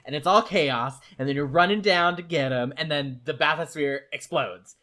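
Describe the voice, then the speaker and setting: A man co-hosting a casual podcast, a lively storyteller who laughs as he recaps scenes. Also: a little high, normal speed. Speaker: podcast co-host.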